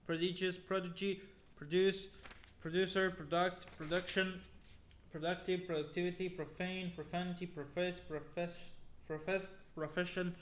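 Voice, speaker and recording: A man slowly reading a long list of words aloud one by one, with now and then an exasperated aside. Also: high-pitched, roomy sound, a little hiss or hum. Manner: slow, flat word-by-word reading with exasperated asides. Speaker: youtuber.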